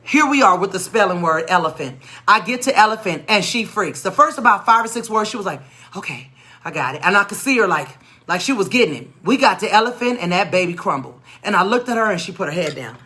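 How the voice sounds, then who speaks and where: Animated woman storyteller. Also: medium pitch, fast talker. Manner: animated, expressive storyteller who acts out voices. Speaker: educator and tutor. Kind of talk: storytelling teaching talk.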